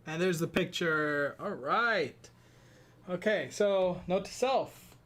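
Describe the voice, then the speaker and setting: This Irish sim racer is a young man with a high, slightly bright voice who speaks slowly. Between races he chats casually with his live-stream viewers, rambling and self-deprecating while fiddling with gear, tired and sweating.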